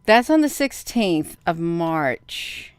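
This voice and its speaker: A middle-aged woman hosting a video, chatting casually to viewers, counting out loud and getting excited. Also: fairly low pitch, slow, clean tone, dry recording. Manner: counts aloud, talks straight to viewers. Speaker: video host. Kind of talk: casual screen-share commentary.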